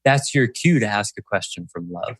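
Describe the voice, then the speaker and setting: A man hosting a podcast, coaching a guest in a calm, reflective way. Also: on the low side, moderate pace, husky, no room sound. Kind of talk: coaching conversation.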